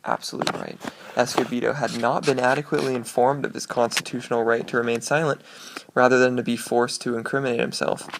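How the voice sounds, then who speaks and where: Gravelly man reading case summaries. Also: mid-range voice, little pitch movement, fast talker, noisy background. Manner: reads formal summaries, then adds offhand jokey asides. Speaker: student presenter. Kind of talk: casual read-aloud of case summaries.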